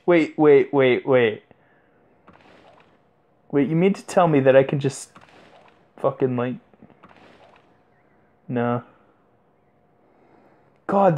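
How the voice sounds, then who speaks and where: A man's voice: a little high, darkish tone. A young man casually commentating a mobile game, swearing a lot and laughing in disbelief. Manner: profane, giggly, incredulous. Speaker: gameplay commentator. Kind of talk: casual let's-play commentary.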